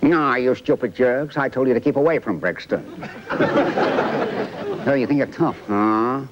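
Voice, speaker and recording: An actor playing a scornful American gangster boss in a comedy sketch, trading mocking wisecracks before a studio audience. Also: male voice, mid-range voice, measured pace, natural voice. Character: sneering tough American gangster boss, man. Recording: loud studio audience and noise.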